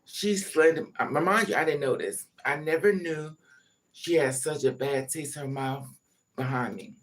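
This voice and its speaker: A man's voice: a little high, moderate pace, a bit bright. Blunt, profane storytelling man. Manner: blunt, profane and emphatic, with frequent rhetorical asides. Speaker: vlogger. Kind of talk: candid personal storytelling monologue.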